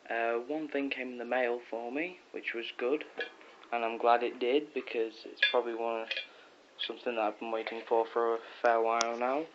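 A teenage boy vlogging from his bedroom, rambling excitedly with lots of ums and self-corrections. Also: mid-range voice, moderate pace. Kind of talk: casual rambling vlog. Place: bedroom at home. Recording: dull lo-fi with faint hiss.

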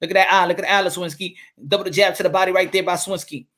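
A man calling a boxing fight live as channel host, excitable, repeating his calls and swearing. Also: sits high, racing.

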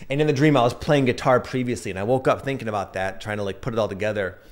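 Earnest male astrology reader in his thirties, relaxed chat with personal asides, average pitch. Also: quick pace. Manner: earnest, reflective, tells personal anecdotes. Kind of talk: casual spoken astrology update.

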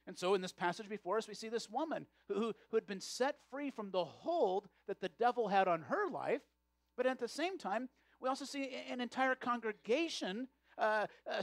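A man's voice: sits high, dry recording. A male pastor preaching a sermon, often repeating words as he restarts his phrases.

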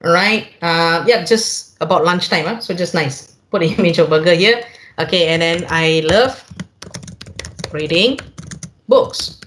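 A man with a Malaysian English accent, a university lecturer walking attendees through a software demo in a live online workshop, talking conversationally and tagging points with "huh?" and "right?". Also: a little high, normal speed, slight background noise.

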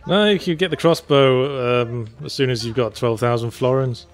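A man's voice: medium pitch, normal speed. Dry, sardonic man commentating a game. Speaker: let's play co-host. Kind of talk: casual gameplay commentary.

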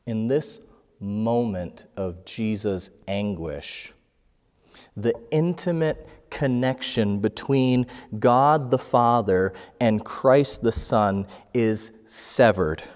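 A man preaching a sermon as pastor, slow and measured, reading scripture passages aloud. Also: on the low side, a little mellow, in a large hall. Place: church sanctuary.

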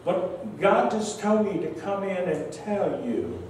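An older male pastor preaching a sermon, telling a personal story slowly and earnestly, his voice often softening at the ends of phrases. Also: high-pitched, expressive, a little hiss or hum. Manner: slow, earnest, emotional storytelling with soft trailing endings. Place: large church sanctuary. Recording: very echoey church hall, distant mic.

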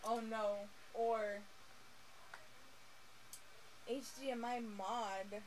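A woman's voice: on the high side, steady tone, drawn-out words, long pauses, slight background noise, low-quality recording. A woman chatting casually on a livestream, reading out chat, teasing and laughing a lot and swearing freely. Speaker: streamer's wife reading chat.

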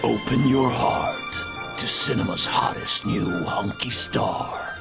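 A gravelly movie-trailer announcer. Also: male voice, medium pitch. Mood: dramatic. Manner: slow, dramatic trailer delivery. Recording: bagpipe music behind.

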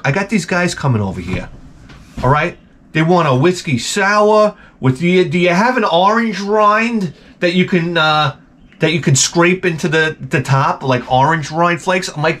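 A man's voice: a little high, expressive, normal speed, fairly bright tone, slight background noise. A man hosting his channel, rambling casually and comically, with frequent profanity. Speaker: channel host.

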